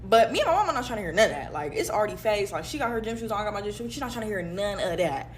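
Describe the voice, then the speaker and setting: Fast-talking woman telling a heated story. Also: mid-range voice, lively intonation, noisy background. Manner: rapid, heated and emphatic. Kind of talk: casual storytime to camera.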